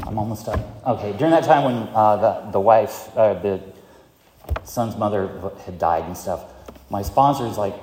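A man's voice: on the low side, darkish tone, reverberant, long reverb tail, slight background noise. A middle-aged man giving a candid, self-mocking personal testimony at a recovery meeting, chuckling often as he talks. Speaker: speaker sharing at a recovery meeting.

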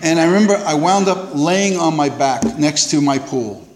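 A man speaking to a live audience, telling a personal recovery story in an animated way and acting out the voices of the people in it. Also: a little high, moderate pace. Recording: reverberant hall.

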